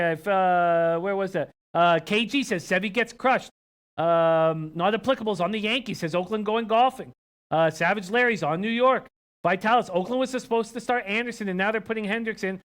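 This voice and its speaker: A man's voice: sits high, clean tone. A young man from Canada hosting a sports betting live stream, chatting casually, reading viewer comments and odds aloud with plenty of ums and uhs. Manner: relaxed, filler-heavy, reads betting lines aloud. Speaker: sports betting show host.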